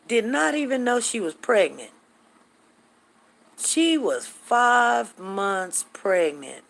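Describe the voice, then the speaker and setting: A middle-aged woman hosting a casual live chat, telling stories in an animated, chatty way and acting out what people said. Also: fairly high pitch, takes it slowly, creaky, long pauses. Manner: chatty, animated, acts out quotes, drawls. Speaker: host greeting live viewers.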